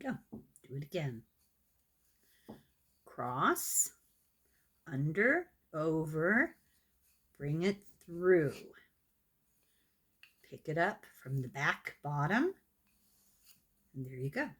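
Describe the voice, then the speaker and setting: An older Irish woman teaching knitting at an unhurried, deliberate pace, her voice rising and falling in a lively, sing-song way. She talks the viewer through each step patiently, with a gentle, self-deprecating warmth. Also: deep voice, breathy edge. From Ireland. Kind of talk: step-by-step craft tutorial.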